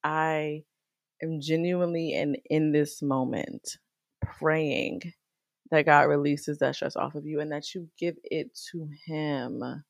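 A woman talking casually to her viewers about faith and stress, chatty and animated, calling the listener girl. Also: low voice, takes it slowly, vocal fry, no echo, clean studio sound. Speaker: faith vlogger. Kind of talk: casual faith talk to camera.

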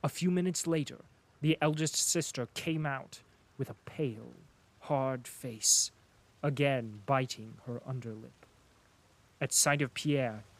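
A man narrating a classic novel as an audiobook in a measured, even reading. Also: medium pitch, low-quality recording.

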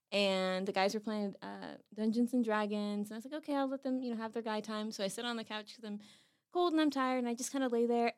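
A woman on a podcast telling her own ghost story in casual chat, animated and quick to laugh, acting out her reactions. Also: a little high. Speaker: podcast co-host.

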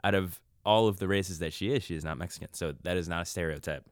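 Low-voiced rambling young podcast host. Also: male voice, quick pace, no echo, clean studio sound. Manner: rambling, joking, laughs often. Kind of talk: casual chat.

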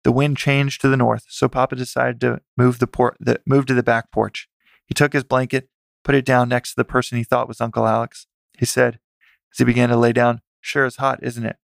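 Male memoir reader, plain steady delivery, dry close sound, slight fry. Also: mid-range voice, fairly quick, dry recording. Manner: plain, steady reading with occasional self-corrections. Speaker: narrator. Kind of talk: reading a family memoir aloud.

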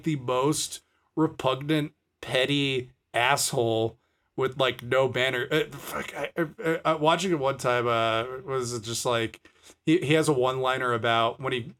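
A man's voice: medium pitch, fairly bright tone. A man co-hosting a podcast, sharing film trivia in a rambling, self-correcting way. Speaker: podcast co-host. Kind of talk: casual film discussion.

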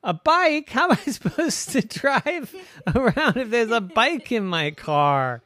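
Big bad wolf car, a man doing it: boastful bully, high and swooping, gravelly. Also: lively intonation, measured pace, sharp tone, dry recording, full character voice. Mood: protesting. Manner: gloating, cackling, then pleading.

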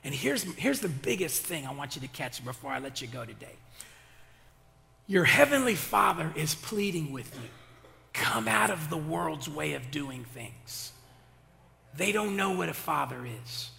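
A man's voice: fairly high pitch, expressive, a little slow, vocal fry, bright, forceful tone. A male pastor preaching an impassioned sermon with casual, slangy talk and call-and-response to his church. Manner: colloquial, slangy. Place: church sanctuary. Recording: reverberant hall.

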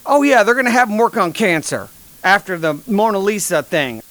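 A man hosting a comedy podcast, delivering sarcastic, deadpan rants and mock sponsor ads. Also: sits high, normal speed. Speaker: podcast host. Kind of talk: comedic monologue.

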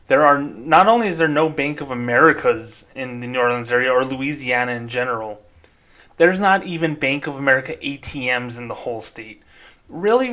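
A man's voice: medium pitch, sharp tone. A man hosting a solo podcast, opinionated and emphatic as he rants into a microphone. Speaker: podcast host.

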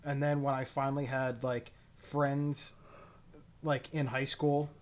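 A man's voice: mid-range voice, level tone, slow pace. A man co-hosting a podcast, telling self-deprecating stories in casual chat. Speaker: podcast co-host.

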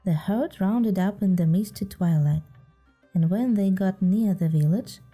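A woman reads a story aloud in a gentle, measured way. Her voice is very mellow and slow, with faint music playing underneath. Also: mid-range voice. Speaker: narrator. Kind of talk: storybook reading.

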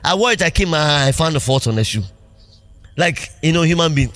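A pastor preaching a sermon in a church, animated, laughing often and asking the congregation questions. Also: male voice, on the high side, quick pace. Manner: call-and-response preaching, asks congregation questions.

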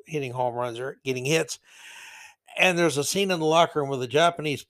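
A man hosting a podcast, delivering an exasperated, sarcastic monologue with scornful asides. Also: medium pitch. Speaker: podcast host.

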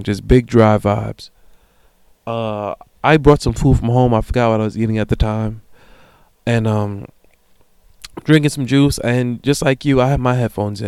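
Profane man with a smooth, dry voice. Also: mid-range voice, dry recording. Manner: profane, animated storytelling with voiced quotes. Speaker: podcast host. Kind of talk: casual monologue reading listener emails.

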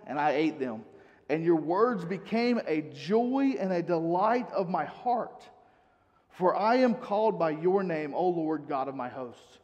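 A male pastor preaches to his congregation, moving between relaxed, chatty asides and scripture readings. His voice sits a little high, and it carries a long reverb from a church hall. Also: highs cut off. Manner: conversational preaching, reads scripture aloud. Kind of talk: sermon.

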